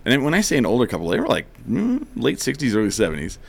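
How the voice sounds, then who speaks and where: A man's voice: mid-range voice, wildly swooping pitch, racing, vocal fry. A man chatting casually, telling a rowdy story with plenty of swearing and laughter, acting out what people said. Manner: swears freely, laughs often, acts out quotes.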